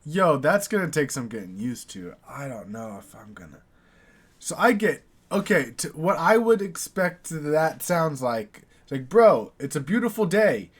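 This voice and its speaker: A man's voice: a little high, big pitch swings, unhurried. Chatty American man musing aloud. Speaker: video reactor. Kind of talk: casual reaction commentary.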